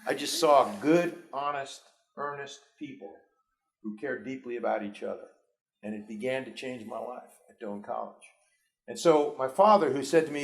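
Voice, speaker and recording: Gravelly and mid-range at a normal speed, the voice belongs to a fifties-aged school superintendent from New York who tells students personal stories to motivate them. He is earnest and frequently restarts.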